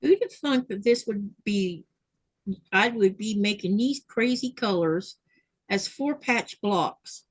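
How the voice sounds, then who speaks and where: A woman's voice: mid-range voice, lively intonation, takes it slowly, breathy edge, low-quality recording. A woman hosting a sewing livestream, chatting casually and reading viewer comments aloud. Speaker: livestream host. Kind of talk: casual chat while sewing.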